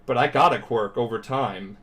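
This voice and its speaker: A man's voice: mid-range voice, moderate pace, fairly bright tone, natural voice. A drunk man voicing a grown superhero mentor who speaks in a hearty, reassuring way. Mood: earnest. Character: grown male superhero mentor, gruff and encouraging.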